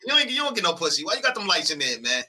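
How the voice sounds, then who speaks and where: Man, live-stream host, very bright, lively swooping pitch. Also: very fast. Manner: hyped, laughing, shouting. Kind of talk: casual live-stream hosting.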